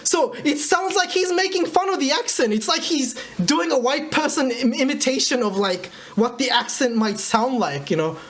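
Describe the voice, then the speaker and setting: A man's voice: very high voice, expressive, normal speed, few pauses, fairly bright tone. Aussie guy doing stream commentary, rambly, laughs at himself, voice jumps all over. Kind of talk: livestream reaction commentary.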